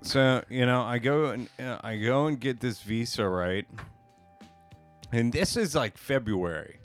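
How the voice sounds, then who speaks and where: A man's voice: medium pitch, a little slow, soft background music. A man telling a long story in casual podcast chat, rambling with many fillers and casual swearing. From United States. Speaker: podcast co-host.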